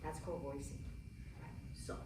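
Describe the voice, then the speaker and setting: A woman's voice: sits low, fairly even intonation, normal speed, noisy background. A woman teaching a piano masterclass, coaching directly and encouragingly, singing out rhythms as she goes. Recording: echoey room from far off, piano playing.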